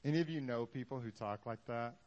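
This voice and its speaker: A man preaching to a congregation in a loose, conversational way. His pitch sits in a middle range. He jokes as he goes and acts out the Bible scenes in little put-on voices. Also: a little fast, darkish tone, lo-fi sound. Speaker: pastor. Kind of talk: sermon.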